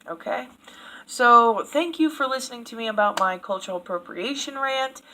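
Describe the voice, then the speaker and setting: A woman's voice: a little high, expressive, normal speed, bright, forceful tone, a little hiss or hum, rough recording. Blunt, swearing woman ranting to camera. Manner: blunt, swears freely, laughs at own jokes. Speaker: video blogger. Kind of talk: casual opinion rant to camera.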